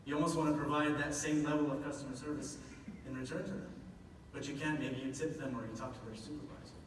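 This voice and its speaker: A man's voice: a little high, steady tone, quick pace. Brief: an earnest male speaker in a long-reverb hall, faint room noise behind. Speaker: public speaker from a government office. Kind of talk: prepared public talk. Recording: echoey hall from far off.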